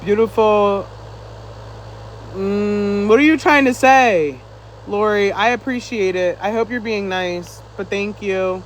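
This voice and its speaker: A man with a high voice talks loosely to viewers on a phone live stream. He is chatty and a little winded, laughing as he reads their comments. A faint hum of air conditioning sits behind him. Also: slow pace, poor audio. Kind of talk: casual live-stream chat reading comments.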